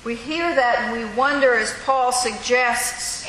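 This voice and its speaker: A woman preaching a sermon in a church, telling the story with lively, acted-out voices. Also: on the high side, a little slow, few pauses. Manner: animated storytelling, acting out voices. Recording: echoey hall with faint hiss.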